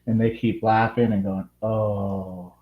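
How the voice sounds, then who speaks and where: A man's voice: lowish voice, normal speed, echoey room, narrow, tinny audio. A man casually telling how his fishing tournament day went, rambling with lots of "like". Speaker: tournament angler interviewee. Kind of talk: casual storytelling.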